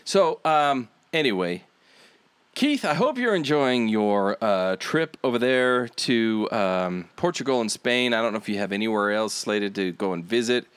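Male podcast host, casual and rambling, animated delivery, dry recording. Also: medium pitch, a little slow, smooth, no room sound. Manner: laid-back, rambling, swears casually.

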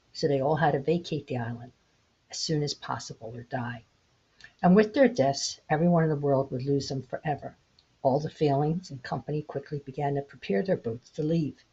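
A woman in her sixties hosting her own podcast, gently telling a parable in an unhurried, reflective way. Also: low-pitched, breathy edge. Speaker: podcast host. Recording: dull lo-fi home recording.

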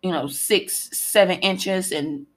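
A woman telling a story in casual, slangy, profanity-heavy chat, quoting people with animated voices. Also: on the low side, takes it slowly.

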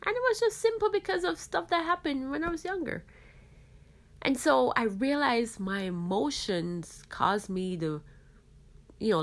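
Woman podcast host, Caribbean-raised, faith talk, earnest and reflective, middle pitch. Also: fairly bright tone. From Caribbean islands. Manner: earnest, reflective, frequent "you know".

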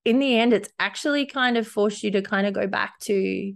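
A woman's voice: medium pitch, normal speed, creaky. A woman co-hosting a podcast in casual chat, backing her co-host up with frequent affirming interjections.

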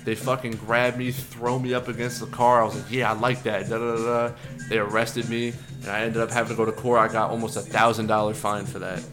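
A man co-hosting a podcast, telling a profane, animated story in casual chat. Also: on the low side, brisk, over music. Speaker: podcast co-host.

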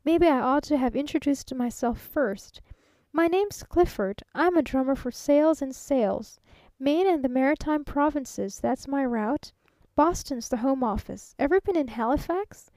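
A woman's voice: high-pitched, a little slow, mellow, no echo. A woman voicing a chatty, folksy, fat male traveling salesman near fifty, earnest and talkative.

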